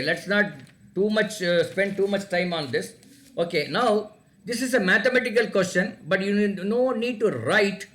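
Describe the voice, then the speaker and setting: A man with a high-pitched, fairly bright voice conducts a spoken quiz in an online class. He reads each question aloud, repeats it, and spells out words letter by letter.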